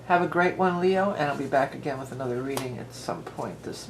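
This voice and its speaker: At home with a dog close by, a tarot reader with a bass voice talks animatedly and fairly fast, hardly pausing, over background noise. Her casual reading is chatty and meandering, full of asides.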